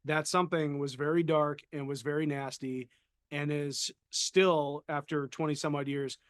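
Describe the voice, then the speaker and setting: A man's voice: a little high, little pitch movement, moderate pace, clear, resonant tone, dry recording, studio quality. A man co-hosting a casual podcast, chatting easily and reading out viewer questions. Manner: conversational, reads out viewer questions. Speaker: co-host, paranormal consultant.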